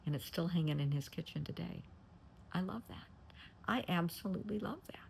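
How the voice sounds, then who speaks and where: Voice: mid-range voice, creaky, a little mellow, slight background noise. A therapist retelling a client's story, getting emotional and dropping to a near whisper at times. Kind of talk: telling a story.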